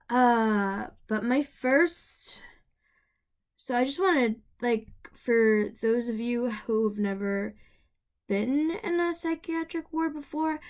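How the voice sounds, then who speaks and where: A young woman casually telling her own story to the camera, rambling with many fillers, restarts and laughs. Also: mid-range voice. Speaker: vlogger.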